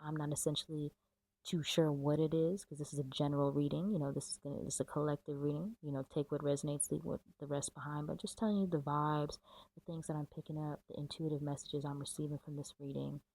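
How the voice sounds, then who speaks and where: A woman's voice: low voice, fairly even intonation, quick pace, darkish tone, rough recording. A woman giving a casual, chatty tarot reading to camera, full of fillers and a little out of breath. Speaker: tarot reader.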